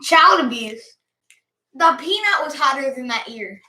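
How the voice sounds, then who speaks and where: A woman's voice: sits high, animated, unhurried, sharp tone, roomy sound. A woman teasing someone in a playful, joking way.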